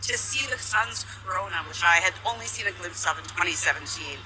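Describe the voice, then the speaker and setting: A woman guest in a live broadcast interview, emotional and halting as she talks. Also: on the low side, lively intonation, pushed and bright, slight background noise, low-quality recording. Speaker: guest, eclipse chaser.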